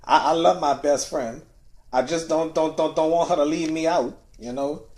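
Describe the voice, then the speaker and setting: Upset and close to tears, a man rambles through a livestream monologue, stammering, repeating words and ending phrases with a soft, trailing "you know?". His voice sits on the high side with fairly even intonation at a moderate pace.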